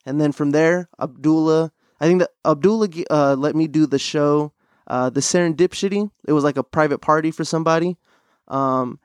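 A man's voice: on the high side, clear, resonant tone, no room sound. A young man hosting a podcast, telling stories in casual chat with lots of fillers and restarts. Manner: animated storytelling, full of fillers and restarts. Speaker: podcast host.

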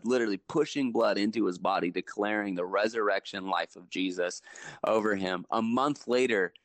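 A young man, a guest on a chat show, telling stories from his emergency-room work in an animated way, his voice climbing high when he acts out what people said. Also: no room sound. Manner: animated, jumps high when retelling dialogue. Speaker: podcast guest, ER worker. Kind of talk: casual storytelling chat.

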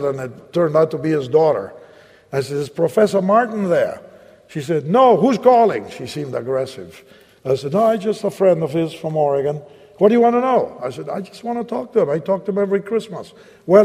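Man, Latin American accent, evangelist preacher, storytelling sermon, warm mellow tone, reverberant hall. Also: high voice. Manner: storytelling, acts out both sides of dialogue, slows for prayer. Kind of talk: sermon with personal story and altar-call prayer.

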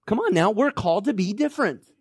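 Animated, high-voiced male preacher. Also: quick pace, breathy edge, dry recording, studio quality. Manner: emphatic, exhorting, rallying with "come on now". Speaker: pastor. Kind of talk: sermon.

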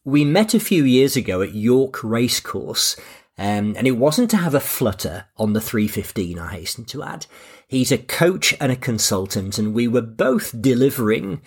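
A man hosting a podcast. He speaks in a relaxed, anecdotal and self-deprecating way. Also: mid-range voice, moderate pace, slightly rough. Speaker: podcast host. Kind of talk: scripted podcast narration.

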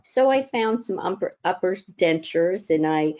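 A woman who works as a chaplain, telling personal stories in a gentle, reflective way with thoughtful pauses. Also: fairly low pitch, lively intonation, dull audio. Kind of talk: personal storytelling talk.

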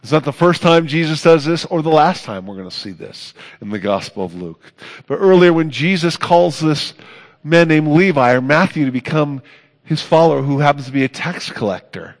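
A man preaching a sermon as pastor, earnest, building to emphatic peaks and then dropping soft. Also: on the high side, expressive, moderate pace.

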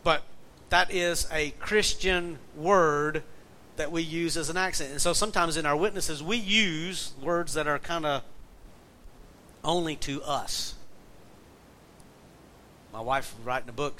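A man giving a relaxed, conversational sermon as a pastor, telling folksy stories with joking asides. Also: on the high side, measured pace, long pauses, slight background noise, poor audio. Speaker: pastor and jail minister.

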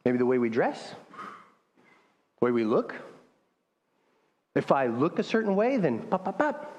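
A man's voice: mid-range voice, sing-song, measured pace, darkish tone, dull audio. Conversational male pastor in a reverberant hall. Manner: conversational, restarts often, reads scripture aloud. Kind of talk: sermon.

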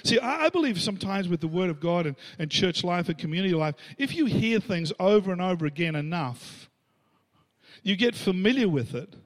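A man's voice: sits high, expressive, fairly quick. A middle-aged Australian man preaching a storytelling sermon, acting out the voices he quotes and laughing between lines. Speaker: pastor.

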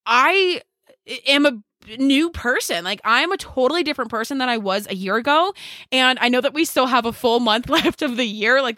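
A woman's voice: on the high side, pushed and bright, no room sound, studio quality. A young adult woman hosting a solo podcast, talking in an upbeat, chatty way with lots of "like" fillers. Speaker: podcast host.

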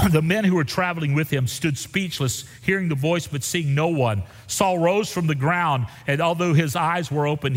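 A man preaching a sermon, folksy and animated, his voice climbing sharply when he presses a point. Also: mid-range voice. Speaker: pastor. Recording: reverberant hall.

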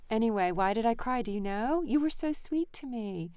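A woman's voice: a little high, animated, moderate pace, warm tone, clear, resonant tone, dry recording, clean studio sound. A mother hosting a podcast, chatting in a rambling, affectionate way with her child. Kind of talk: casual chat with her child.

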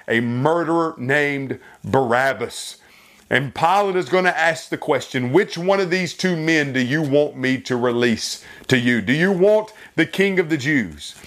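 A man's voice: a little high, a bit bright. A man preaching a sermon in an earnest style, building to emphatic rising runs of phrases. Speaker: pastor.

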